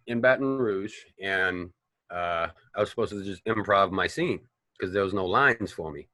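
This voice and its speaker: Bright-voiced man telling stories. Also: fairly low pitch, no echo. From Boston, United States. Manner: animated, profane, rambling storyteller. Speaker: actor guest. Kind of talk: casual interview storytelling.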